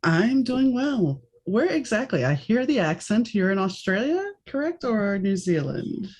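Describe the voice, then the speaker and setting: A middle-aged American woman with a faint New Orleans lilt hosts a podcast conversation. She is chatty and animated, jumping from one story to the next with lots of asides. Her voice sits at an ordinary middle pitch. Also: measured pace. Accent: mixed American, faint New Orleans. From New Orleans, United States. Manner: chatty, animated, jumps between stories. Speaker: podcast host. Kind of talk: casual interview chat.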